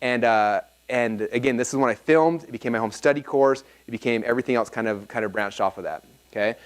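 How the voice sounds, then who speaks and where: A workshop speaker with a medium-pitched voice talks fast during a live seminar captured as a filmed talk. Telling stories with lots of energy and animation, he keeps checking in with the audience.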